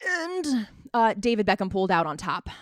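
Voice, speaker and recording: A woman's voice: medium pitch, sing-song, moderate pace, no room sound, studio quality. A woman with a New York accent, co-hosting a podcast in upbeat casual chat and reading out poll results. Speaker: podcast co-host.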